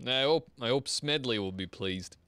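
A man leading a group through an online game, excitable and laughing often in casual gaming chat. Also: mid-range voice, normal speed, clear, resonant tone, dry recording. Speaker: game leader.

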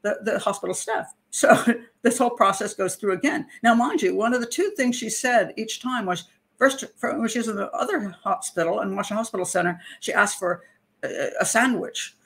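A woman's voice: medium pitch, fairly quick, a bit bright. A woman who profiles criminals and hosts a show, telling a story in a casual, chatty way with frequent laughter. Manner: chatty, laughs often, acts out quotes.

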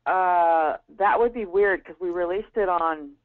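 A woman's voice: fairly low pitch, measured pace, no echo. A woman teaching a live webinar in a casual, rambling way, with frequent restarts and fillers. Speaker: webinar instructor. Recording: tinny phone-like line, dry.

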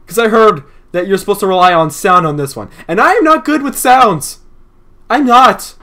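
Bright, nervous young man gaming. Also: sits high, very animated, a little slow. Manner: nervous, jittery, talks to the game. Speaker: gaming channel host. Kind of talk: horror game let's play commentary.

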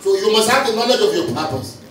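A man's voice: sits high, animated, quick pace. A male pastor preaching a sermon, calling out lines and repeating them for the congregation to answer. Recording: echoey hall from far off, faint noise.

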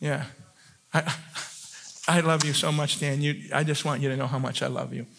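A man, a church elder, preaching a sermon with passion, moving from quiet talk to shouting and often restarting his sentences. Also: a little high, fairly even intonation, moderate pace, creaky. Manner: many restarts and repeated words.

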